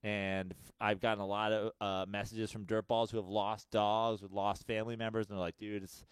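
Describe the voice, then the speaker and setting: A man's voice: fairly low pitch, level tone, a little fast, clear, resonant tone, no room sound. A man in his late thirties co-hosting a podcast, talking casually and candidly with frequent swearing. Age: late 30s. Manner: candid, profane, rambling. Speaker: podcast co-host. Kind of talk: casual chat.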